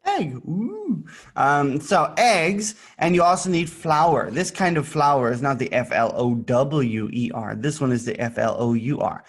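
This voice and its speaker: A man's voice: medium pitch, very animated, measured pace. A man teaching a child English in an online lesson, patient and playful, repeating words for the child to echo and adding little sound effects. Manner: playful, adds sound effects while showing pictures.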